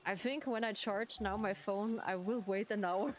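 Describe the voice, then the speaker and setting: A woman streamer whose first language is German plays a game live, reading its text aloud and chatting, giggling and restarting words as she goes. Her voice is mid-range at a normal speed, with faint music in the background.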